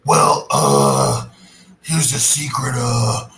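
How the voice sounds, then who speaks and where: A man doing an impression of a gruff male wrestling executive, speaking slowly, deliberately and smugly. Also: mid-range voice, sing-song, fairly bright tone, full character voice.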